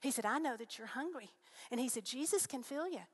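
Woman, middle-aged, preaching testimony, earnest storytelling, lifts her voice high in excited moments. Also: a little fast, slightly rough. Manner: earnest storytelling, rising pitch when excited. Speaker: guest speaker. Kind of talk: testimony sermon.

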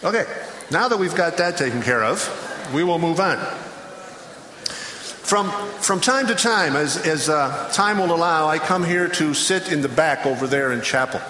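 A man's voice: a little high, lively intonation, a little slow, sharp tone, a little hiss or hum. Middle-aged guy preaching in a chapel, folksy, stumbles and restarts a lot, echoey with a long reverb. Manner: folksy storytelling with repeated restarts. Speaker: chapel speaker. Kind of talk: sermon. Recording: roomy chapel reverb, faint ambience.

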